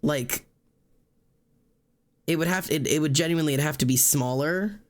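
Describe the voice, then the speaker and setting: Guy on a livestream sketching tattoos and just rambling, kinda high voice, lots of like and um, swears a bit. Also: normal speed. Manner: rambling, full of fillers and swearing. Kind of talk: casual chat while sketching tattoo ideas.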